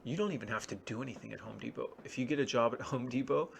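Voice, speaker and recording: A man's voice: medium pitch, fast, gravelly, slight background noise. A man talking in a rambling, wry, self-deprecating solo monologue. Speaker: vlogger.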